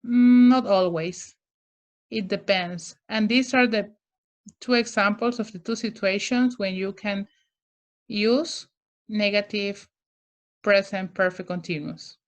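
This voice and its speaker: Woman, English teacher, recorded grammar lesson, slow deliberate explaining, mid pitch. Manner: slow, careful explaining with frequent restarts.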